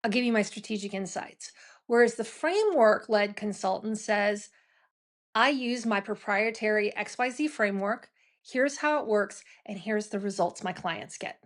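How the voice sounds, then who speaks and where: A middle-aged woman hosting a business podcast, talking to listeners in a brisk, conversational coaching tone full of "right?" asides. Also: medium pitch. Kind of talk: solo talk to listeners.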